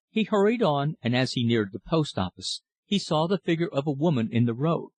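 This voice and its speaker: A man reading a classic novel aloud as an audiobook narrator, in a steady, measured way. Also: a little high, no room sound.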